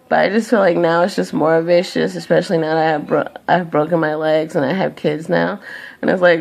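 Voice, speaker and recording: A woman's voice: on the low side, vocal fry. A tired young woman venting in a profane, exasperated rant to camera. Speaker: vlogger.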